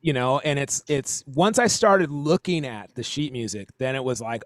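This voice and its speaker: A man's voice: mid-range voice, normal speed, hardly any pauses, dry recording, studio quality. A man hosting a casual drum stream, rambling and self-correcting as he explains accents and counts beats aloud over a video call. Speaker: drum teacher and stream host.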